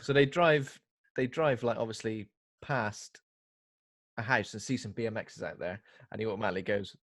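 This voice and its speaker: A man's voice: on the low side, dry recording. A man co-hosting a podcast, chatting casually about a film and acting out lines of dialogue as he tells stories. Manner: lively storyteller, acts out quotes. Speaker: podcast co-host.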